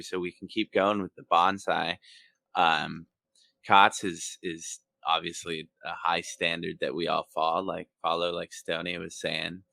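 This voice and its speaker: A man's voice: low voice, vocal fry, bright, forceful tone, no room sound. A man co-hosting a casual podcast, joking around in playful banter. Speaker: podcast co-host.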